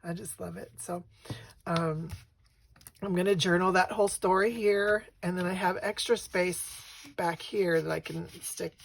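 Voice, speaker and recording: A middle-aged woman casually showing her craft work, soft and rambling, with lots of fillers and restarts. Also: fairly low pitch, fairly even intonation, measured pace, gravelly, slight background noise. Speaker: craft vlogger.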